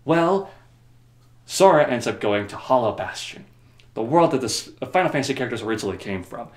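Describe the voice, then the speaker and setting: A man's voice: mid-range voice, lively intonation, brisk. A man casually rambling through a comedic story summary, jokey and offhand, recorded in a roomy space. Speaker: video creator. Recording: roomy echo.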